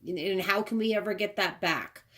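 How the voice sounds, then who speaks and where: Her voice is mid-range and fairly bright, moving at normal speed as she gives a casual tarot reading. Chatty and thinking aloud while handling the cards, the reader is recorded on a nearby propped-up phone camera.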